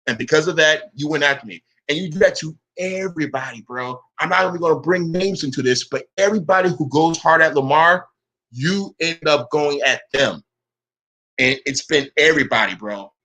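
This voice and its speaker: A man's voice: a little high, normal speed, sharp tone. A man in a profane, confrontational rant to camera. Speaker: online commentator.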